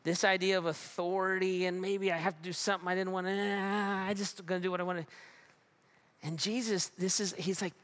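A pastor preaching a sermon in a conversational way, with humor and frequent restarts. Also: male voice, sits high, little pitch movement, a little fast, fairly bright tone.

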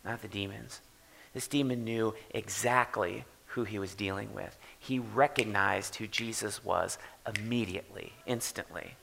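A man preaching a sermon in a conversational way, often checking in with "right?" and swinging from quiet to loud for emphasis. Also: lowish voice, a little slow, vocal fry, slight background noise. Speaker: pastor.

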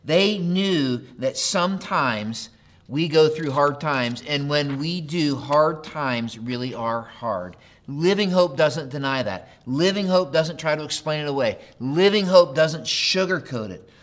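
A man's voice: on the high side, expressive, measured pace. A male pastor preaching a sermon, talking straight to his listeners, asking questions and repeating key phrases.

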